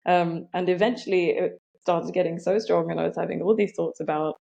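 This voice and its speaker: Low, gravelly woman reflecting. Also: fairly even intonation, a little fast, dark tone, dull audio. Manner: reflective, many "um" and "like" fillers. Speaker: podcast guest. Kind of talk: reflective personal storytelling.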